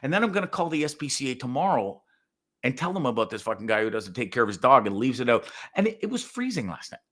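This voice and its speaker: Man ranting on his show, swearing a lot, lively swooping voice, bright edge. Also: medium pitch, fast talker. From Canada. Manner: profane, animated storytelling with loud outbursts. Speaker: podcast host. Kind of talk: casual ranting monologue.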